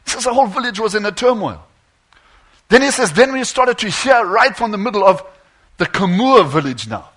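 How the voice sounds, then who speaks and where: A man preaching and telling a tense story dramatically, dropping to a hush and swelling again. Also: high voice, big pitch swings, brisk.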